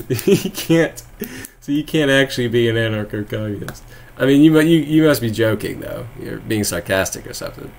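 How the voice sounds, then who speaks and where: Young male streamer from Texas, mid-pitched, loose rambling delivery, quick to laugh and throw sarcasm at chat. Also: lively intonation, creaky, darkish tone. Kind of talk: casual live-stream chat reading viewer comments.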